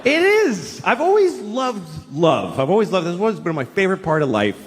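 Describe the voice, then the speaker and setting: Middle-aged male stand-up comic, animated and mocking, a bit high-pitched, recorded live in a reverberant hall. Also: normal speed, slightly rough. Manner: loud bursts of exasperated, mocking delivery with sudden high shouts. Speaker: stand-up comedian. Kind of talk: stand-up comedy set. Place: large venue with a live audience.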